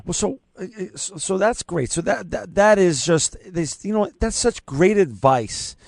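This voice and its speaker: A man's voice: high-pitched, lively intonation, a little slow, no echo, studio quality. A man hosting a radio interview show, effusive and full of praise, often restarting his sentences. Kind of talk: casual interview chat.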